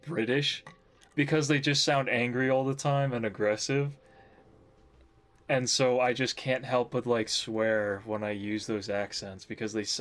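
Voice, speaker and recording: A man chatting casually while drawing on stream, rambling and joking about himself. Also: medium pitch. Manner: rambling, jokey, self-mocking.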